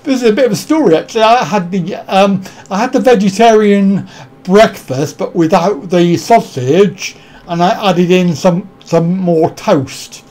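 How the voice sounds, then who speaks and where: A man's voice: sits high, measured pace, a little mellow. A man hosting a casual live stream, rambling and joking as he greets viewers by name and answers their comments.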